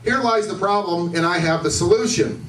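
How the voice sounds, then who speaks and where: A man's voice: high voice, normal speed, fairly bright tone. A man doing a stand-up set at a bar comedy night, with a loose, rambling delivery, often asking the crowd questions. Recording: echoey room, distant mic, faint noise.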